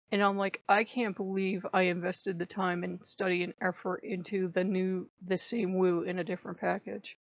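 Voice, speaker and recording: A woman's voice: fairly low pitch, no room sound. A woman who is sick, talking in a frank and rambling way in a casual vlog monologue. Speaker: channel host. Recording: dry, slightly dull recording.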